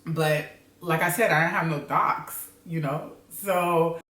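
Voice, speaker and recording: A woman from Africa with an American accent, telling a story in a casual, slangy, animated way and laughing often. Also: deep voice, slow pace. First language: Criollo. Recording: roomy, mic at a distance.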